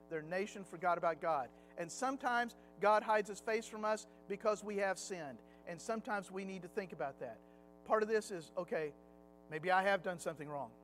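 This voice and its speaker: A man's voice: sits high, low-quality recording. A middle-aged man teaching a Sunday Bible class in a church classroom, chatty and anecdotal, slipping into acted quotes. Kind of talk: conversational Sunday Bible lesson.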